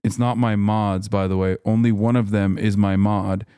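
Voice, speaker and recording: Guy streamer going off at chat, swears a lot, smooth clear voice, dry close mic. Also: fairly low pitch, little pitch movement, normal speed, dark tone, no room sound. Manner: heated, profane, exasperated ranting. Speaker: livestream host. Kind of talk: livestream commentary reading chat.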